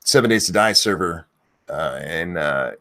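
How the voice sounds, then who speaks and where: A man's voice: low-pitched, lively intonation, unhurried. Rambling, swearing livestream host man. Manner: yells viewers' names in bursts, then rambles and swears. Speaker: live stream host. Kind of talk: casual live-stream rant.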